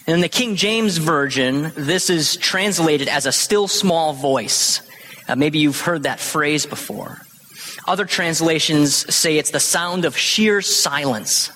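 A man's voice: on the high side, pushed and bright. A man in his thirties preaching a sermon, teaching with animation and acting out the quoted lines. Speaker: pastor. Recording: long hall reverb.

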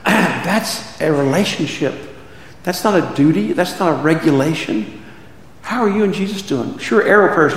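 A middle-aged man preaching in a church sanctuary, his slightly high voice carrying through a roomy hall with a long reverb tail. He talks to the congregation in a conversational way and keeps asking them questions. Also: lively intonation, normal speed. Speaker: pastor. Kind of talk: sermon.

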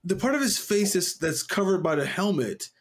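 Male podcast co-host, casual chat, somewhat high voice, rambling with many fillers. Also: moderate pace. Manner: rambling, full of fillers and restarts; animated, acts out quoted voices.

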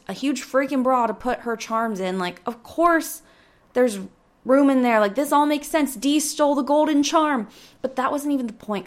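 Animated young woman telling a story. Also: fairly high pitch. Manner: animated, rambling, says "like" a lot, swears casually. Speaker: podcast host. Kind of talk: casual storytime monologue.

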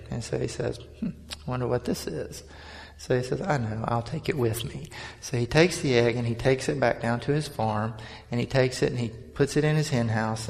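A pastor delivers a sermon with an earnest, conversational touch. His voice is gravelly and sits at an ordinary middle pitch for a man. The long reverb of a large church hall trails behind every phrase. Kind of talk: sermon with prayer and storytelling.

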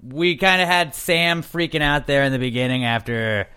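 A man's voice: mid-range voice, normal speed, bright, forceful tone, smooth. A young man co-hosting a casual podcast, joking and rambling, often correcting himself mid-sentence. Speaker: podcast co-host.

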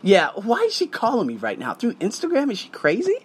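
A man's voice: sits high, huge pitch swings, fairly quick, slightly rough. A man telling his story in a casual vlog from his condo, emphatic and swearing as he goes. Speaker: vlogger, English teacher. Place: condo room, indoors.

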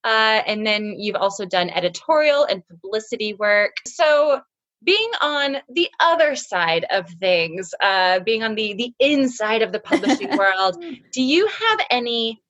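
A woman hosting a podcast interview, friendly and animated, laughing along with her guest. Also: on the high side, measured pace, muffled recording. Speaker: podcast host. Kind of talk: casual interview chat.

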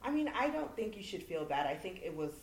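A woman on a podcast, talking at a mid pitch and arguing her points with emphasis. The room is echoey, and a faint hiss runs under her voice. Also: big pitch swings, quick pace. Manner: emphatic, acts out quoted voices. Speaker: podcast co-host. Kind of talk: casual discussion.

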